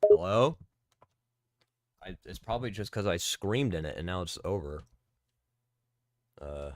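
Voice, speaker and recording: A man's voice: low-pitched, expressive, a little slow, a little mellow, no echo. A man streaming a game, chatting casually, joking, swearing and laughing. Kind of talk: casual gaming stream chat.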